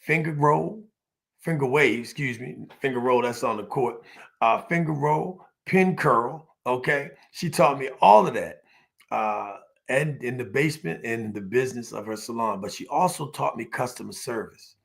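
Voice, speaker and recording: A man gives a motivational business speech in a mid-pitched voice with a gravelly, creaky edge, talking at normal speed. He tells it like a story, building his points with repeated phrases, a repetitive listing cadence, and emphatic call-and-response with the audience.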